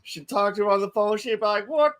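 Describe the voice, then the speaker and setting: Higher-voiced man telling laughing stories. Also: completely flat delivery, quick pace, a bit bright. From Illinois. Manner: laughing, swearing, storytelling. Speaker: podcast co-host. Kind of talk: casual chat.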